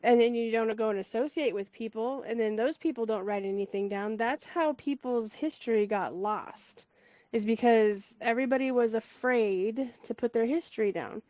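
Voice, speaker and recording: A woman's voice: on the high side, moderate pace, darkish tone, no echo, lo-fi sound. A woman hosting a community call, chatting casually and rambling through asides with frequent laughs. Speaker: host of a spiritual community call. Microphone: call mic.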